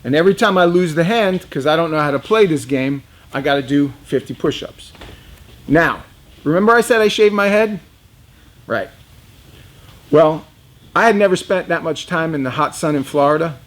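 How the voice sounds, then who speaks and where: A man's voice: on the high side, brisk. A man telling a personal story in a rambling, conversational way, chuckling now and then. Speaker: reptile dealer telling a story. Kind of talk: casual storytelling.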